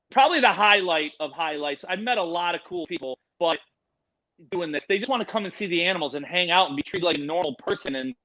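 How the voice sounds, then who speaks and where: A middle-aged man talks as a podcast guest. He spins loud, profane stories with lots of energy. His voice sits high and bright, and it is recorded dry and close. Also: dry recording, poor audio. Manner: loud, profane, animated storyteller. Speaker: guest, animal presenter. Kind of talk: casual storytelling chat.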